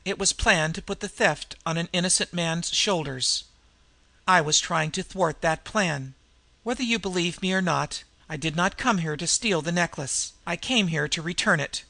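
A cool, defiant young woman thief in a storybook reading, as a male narrator puts her on. She talks steadily and stays composed. The voice is bright with a gravelly edge. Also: fairly high pitch, normal speed, no echo, full character voice.

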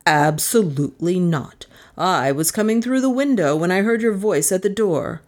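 A woman's voice: rumbling low, sing-song, slow, a little mellow, slightly rough, pitched below the performer's own voice, exaggerated voice. A woman doing a scheming indignant doctor. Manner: indignant, firm denials.

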